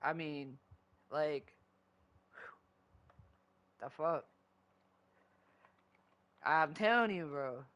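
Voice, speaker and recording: A man's voice: fairly high pitch, expressive, drawn-out words, long pauses, muffled recording. A man chatting casually while streaming a video game, rambling loosely and swearing constantly. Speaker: gaming streamer. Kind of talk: casual chat while gaming.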